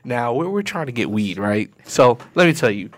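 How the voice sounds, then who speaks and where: A man's voice: mid-range voice, big pitch swings, normal speed, no echo. A man from the Bronx telling a funny story in casual chat, acting out other people's voices and laughing often. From the Bronx, New York.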